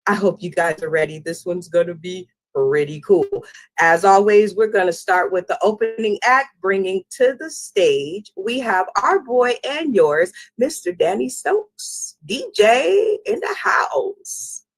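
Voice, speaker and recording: A woman's voice: medium pitch, measured pace. A woman hosting a virtual comedy show over a video call, hyping up the crowd and bringing on the acts. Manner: hyped, animated hosting. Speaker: host.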